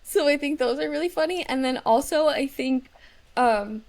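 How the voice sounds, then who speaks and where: A woman's voice: high-pitched, darkish tone. A woman co-hosting a podcast, talking casually and hesitantly. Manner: unhurried, hesitant with fillers. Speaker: podcast co-host. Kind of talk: casual chat.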